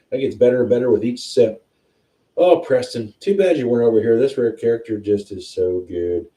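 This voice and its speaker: A man hosting a whiskey tasting livestream, chatting casually and excitedly as he tastes. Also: mid-range voice, fairly quick, recorded from a distance. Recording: roomy sound, a bit off-mic.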